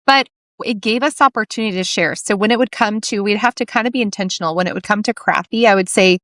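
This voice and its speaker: A woman's voice: mid-range voice, fast, fairly bright tone, dry recording, studio quality. Earnest woman podcast host. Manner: earnest, tells stories with quoted dialogue. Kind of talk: casual interview chat.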